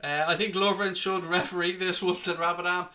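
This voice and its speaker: A man's voice: high-pitched, level tone, brisk, sharp tone. An Irish man hosting a live football watchalong, chatting cheekily and reading out viewer comments. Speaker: host.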